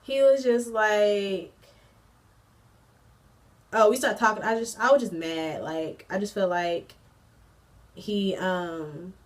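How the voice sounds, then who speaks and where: A female college student in her twenties narrates a storytime vlog at a slow pace with long pauses and medium pitch, heard through a distant mic. She chats casually, leans on slang and fillers, and laughs in bursts mid-story.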